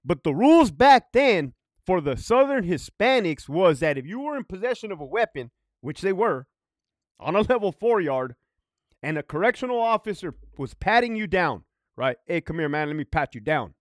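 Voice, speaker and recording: A man's voice: sits high, big pitch swings, normal speed, no echo, studio quality. A man, a former prison guard, telling stories in a casual, profane, emphatic way, often checking in with "right?". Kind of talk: casual storytelling monologue.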